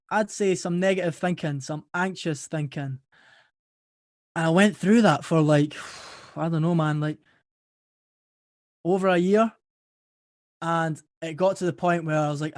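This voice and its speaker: A man's voice: fairly high pitch, dry recording. Chatty Scottish man, dry sound. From Scotland. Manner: informal, friendly, calls people brother and mate. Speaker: podcast host guest. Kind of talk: casual interview chat.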